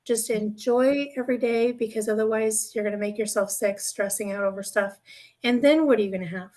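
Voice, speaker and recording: A woman with a fairly high, mellow voice talks a little fast while co-hosting a podcast in casual chat. She rambles earnestly and keeps checking in with "right?".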